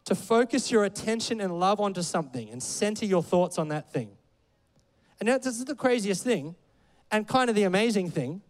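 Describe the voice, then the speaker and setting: Man, pastor, high voice, casual sermon, chatty, hall reverb. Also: lively intonation, normal speed. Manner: conversational, filler-heavy, playful.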